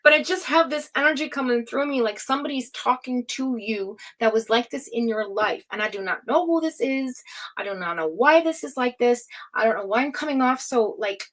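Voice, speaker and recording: A woman giving a tarot reading in a forceful, profane, scolding pep-talk manner, with many fillers and restarts. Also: a little high, a little fast. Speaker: tarot reader. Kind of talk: casual spoken tarot reading to camera.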